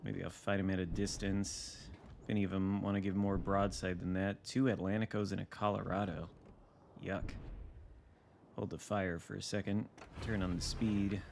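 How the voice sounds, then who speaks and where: A man with a fairly low voice gives loose, wry live commentary while he plays, musing aloud between moves. A faint hum of ambience sits under his desk mic. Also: little pitch movement, moderate pace, gravelly, a little mellow. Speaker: game streamer. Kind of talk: casual live gameplay commentary.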